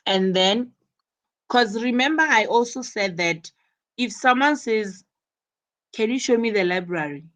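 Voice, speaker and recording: A woman's voice: a little high, lively intonation, a little slow, pauses often, a bit bright. A woman teaching an English lesson, explaining each point carefully and repeating words for emphasis. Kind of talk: classroom explanation.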